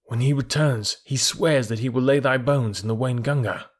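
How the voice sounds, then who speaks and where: A man's voice: mid-range voice, normal speed, natural voice. A man voicing an anxious young wolf. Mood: earnest. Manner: earnest, archaic speech. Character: loyal young male wolf, anxious, protective.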